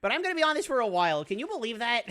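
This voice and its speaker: A woman streaming a video game, chatting casually with her viewers, laughing often and squealing when things get exciting. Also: on the high side, racing. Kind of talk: casual live-stream commentary.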